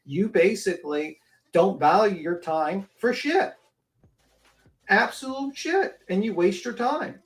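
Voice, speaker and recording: A man's voice: sits high, animated, takes it slowly. A man hosting a commentary show, ranting bluntly and scornfully with heavy swearing. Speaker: commentary channel host.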